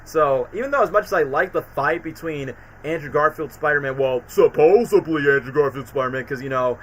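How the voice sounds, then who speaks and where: Bright-voiced man rambling on a stream. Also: fairly high pitch, a little fast, low-quality recording. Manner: rambling, heavy on fillers and restarts. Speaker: streamer host. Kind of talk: casual live-stream commentary.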